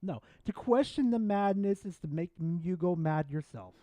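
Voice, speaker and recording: A man hosting a live stream in casual chat, excitable and swearing freely as he talks to his viewers. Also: high voice, moderate pace, no echo. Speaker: streamer host.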